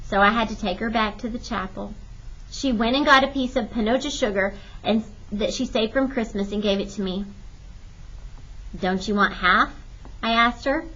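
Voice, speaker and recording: A woman narrating a children's historical novel in steady, clear audiobook storytelling. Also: medium pitch. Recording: dull lo-fi recording.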